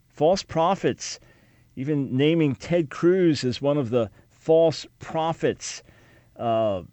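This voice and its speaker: Earnest radio talk host, dry studio. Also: male voice, a little high, darkish tone, no room sound. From New York. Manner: earnest, emphatic, with repeated restarts. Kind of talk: radio talk show monologue.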